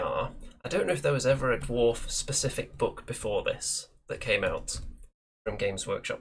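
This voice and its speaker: A man with a lowish voice hosts a laid-back hobby chat, musing aloud in an easy, conversational way. A faint hum of noise sits under his voice. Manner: relaxed, chatty, thinking aloud. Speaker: show host.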